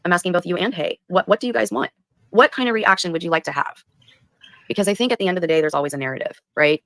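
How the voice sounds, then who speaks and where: A woman's voice: lowish voice, rapid-fire, fairly bright tone, no room sound. A woman livestreamer speaking defensively and close to tears. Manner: defensive, tearful. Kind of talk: live stream replayed.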